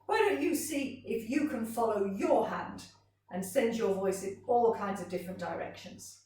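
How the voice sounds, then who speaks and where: Gentle sing-song woman teaching in a roomy space. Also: mid-range voice, expressive, moderate pace, distant mic. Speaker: music teacher. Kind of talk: children's vocal warm-up lesson. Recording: roomy sound from off-mic.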